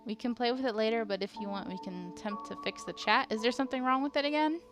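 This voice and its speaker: A woman's voice: on the high side, fast talker, music in the background. A young adult woman streaming a game, giggly and easily frightened, chatting casually with her viewers. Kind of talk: casual live-stream chat.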